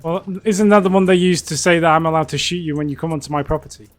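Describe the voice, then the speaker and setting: A man's voice: fairly high pitch, fast talker. A British man co-hosting a game livestream, joking in a wry, dry way. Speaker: game streamer co-host. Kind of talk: casual gaming livestream chat.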